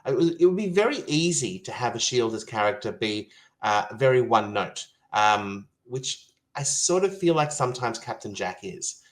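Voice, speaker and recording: Man, podcast guest, mid-pitched voice, lots of ums, keen and hesitant. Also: very animated, normal speed, rough recording. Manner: hesitant, filler-heavy, enthusiastic. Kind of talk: casual conversational podcast discussion.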